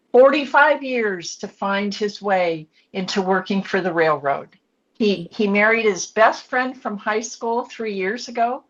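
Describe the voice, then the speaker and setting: A woman in her sixties, an author and coach, earnestly telling her own family story as a podcast guest in short reflective phrases. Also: mid-range voice. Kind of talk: candid personal storytelling. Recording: dull lo-fi podcast audio.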